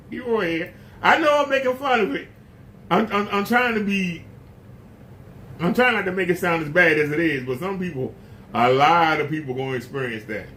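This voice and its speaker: Man preacher, casual spoken sermon, emphatic and folksy, slightly high voice. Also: fairly bright tone, slight background noise.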